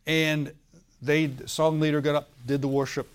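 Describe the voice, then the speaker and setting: A man's voice: on the high side, little pitch movement, moderate pace, clean tone. A male pastor preaching a sermon, telling a story and often asking the congregation for an amen, with a laugh now and then.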